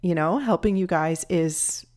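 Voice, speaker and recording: A woman's voice: lowish voice, measured pace, darkish tone. A woman in her thirties hosting a solo podcast, talking in an earnest, heartfelt and encouraging way as a nutrition coach.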